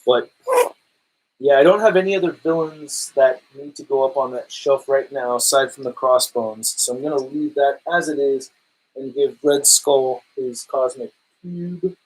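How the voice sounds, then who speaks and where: A man in his thirties chatting casually on a livestream while arranging collectibles at home, excitable and rambling, full of slang. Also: mid-range voice, unhurried, breathy edge, rough recording. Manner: excitable, rambling, says dude and epic. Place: home display room.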